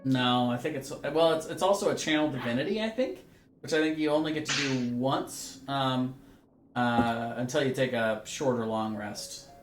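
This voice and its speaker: A man's voice: medium pitch, moderate pace, faint music behind. Male dungeon master, easygoing, rules-talk, roomy sound. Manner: relaxed, explains rules with many fillers. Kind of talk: running a tabletop game over voice chat.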